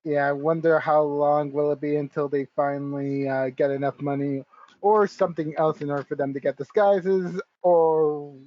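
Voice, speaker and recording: Hesitant, fairly high-voiced male podcast guest. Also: steady tone, moderate pace, no echo, muffled recording. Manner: hesitant, often opening with "I mean". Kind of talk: casual discussion podcast.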